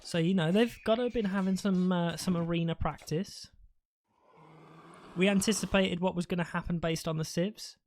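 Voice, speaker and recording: A man's voice: high voice, steady tone, normal speed, a little mellow, slight background noise. A British man doing live esports commentary, rambling and joking, often restarting his sentences. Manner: rambling, jokey, self-interrupting. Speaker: esports caster.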